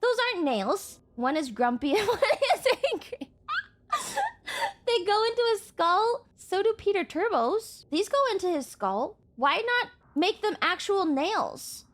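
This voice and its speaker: A woman's voice: extremely high pitch, sing-song, measured pace. A young woman streaming in casual chat, swearing freely and breaking into exasperated outbursts at her chat.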